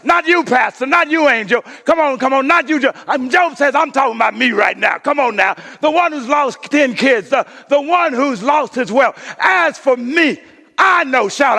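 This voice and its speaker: A man's voice: very high-pitched, lively intonation, moderate pace, sharp tone. A man preaching a sermon as pastor, urging his congregation on with repeated calls of "come on now.". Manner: preaching with call-and-response, repeated 'come on now'. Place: church sanctuary. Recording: reverberant hall.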